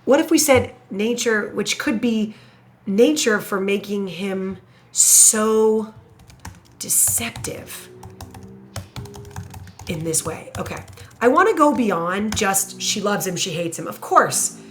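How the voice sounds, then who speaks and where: A woman teacher thinking out loud as she writes an essay paragraph, musing, hesitating and correcting herself as she goes. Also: medium pitch, animated, slow, long pauses, faint music behind. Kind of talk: thinking aloud while writing an essay paragraph.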